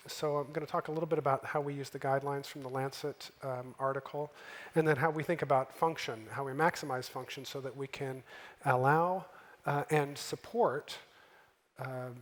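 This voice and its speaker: Male doctor, conference talk, easygoing and joking, long hall reverb. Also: medium pitch. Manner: friendly, joking, with frequent fillers. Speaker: physician presenter. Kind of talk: conference presentation.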